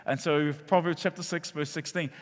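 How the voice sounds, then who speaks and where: A man's voice: a little high, moderate pace. A man, preaching a sermon and telling stories animatedly, acting out the voices of the people in them. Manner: animated storytelling that acts out quoted voices. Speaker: pastor. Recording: echoey hall reverb.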